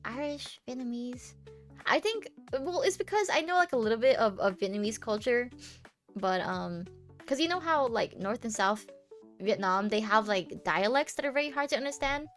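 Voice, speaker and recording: A woman's voice: a little high, animated, normal speed, faint music behind. A young American woman streaming live, chatting casually and playfully with many restarts. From United States.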